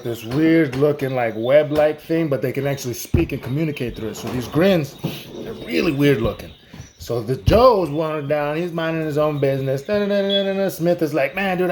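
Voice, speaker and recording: A man's voice: mid-range voice, a little mellow, a little hiss or hum. A man improvising a made-up story in a loose, rambling, slangy way, full of "like" and "dude". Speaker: storyteller host.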